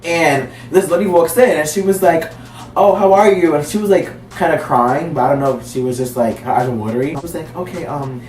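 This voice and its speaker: A man's voice: a little high, fast, few pauses, a little mellow, recorded from a distance. A young man telling a casual story, rambling and leaning on "like" as he goes. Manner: rambling, heavy use of "like". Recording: roomy, off-mic with faint music.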